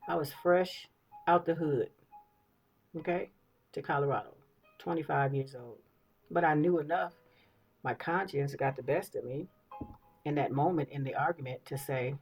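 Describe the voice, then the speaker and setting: Speaking at normal speed with frequent pauses, a woman in her fifties has a low, darkish voice with a breathy edge. The recording is rough, with faint music behind. A beauty vlogger, she chats casually while getting ready, telling animated stories, repeating phrases, and checking in with listeners.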